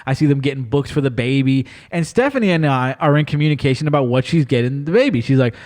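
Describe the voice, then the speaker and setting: Podcast host, male, high and very expressive voice, animated storyteller. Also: fast, few pauses. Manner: animated, acts out quotes, laughs often. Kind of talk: casual storytelling chat.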